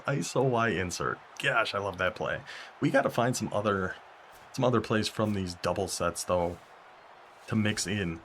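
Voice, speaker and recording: A young man commentating his own football video game as he plays, talking to himself and reacting with sudden excitement and frustration. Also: on the low side, a little hiss or hum. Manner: talks to himself while playing, quick bursts of excitement and frustration. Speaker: gaming YouTuber. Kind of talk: live gameplay commentary.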